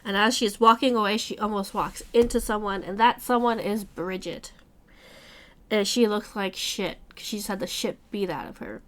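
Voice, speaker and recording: A woman hosting a casual book club chat, recapping the plot in animated retellings full of quoted lines and swearing. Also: medium pitch, normal speed.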